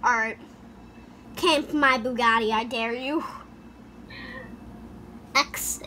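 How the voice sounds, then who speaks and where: Bright, chatty gaming YouTuber. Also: medium pitch, steady tone, slow pace, a little hiss or hum. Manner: chatty, goofy, makes sound effects. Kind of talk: casual gameplay commentary.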